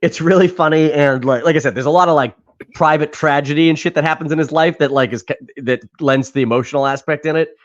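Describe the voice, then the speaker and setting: Casual New podcast host, talkative, a bit higher-pitched, lo-fi recording. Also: male voice, quick pace. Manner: rambling, laughs often, swears casually. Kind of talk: casual chat. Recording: dull lo-fi sound.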